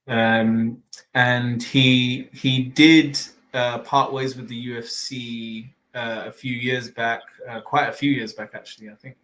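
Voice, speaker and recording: Casting: male podcast host, mid-range voice, rambling casual delivery, swears freely, fills pauses with "uh". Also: medium pitch, level tone, fairly bright tone, slight background noise, poor audio. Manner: rambling, full of fillers and restarts, swears casually. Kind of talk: casual fight-talk podcast chat.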